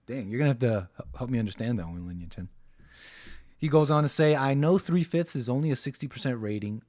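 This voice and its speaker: A man's voice: mid-range voice, a little mellow. A man in his twenties hosting a casual livestream, rambling and reading viewer messages aloud. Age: 20s. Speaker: livestream host.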